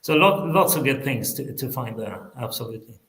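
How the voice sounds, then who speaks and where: A man's voice: mid-range voice, expressive, a little fast, a bit bright. Hesitant man with a background, echoey. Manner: hesitant, repeats words, enthusiastic. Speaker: whisky book author, guest. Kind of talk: casual online chat.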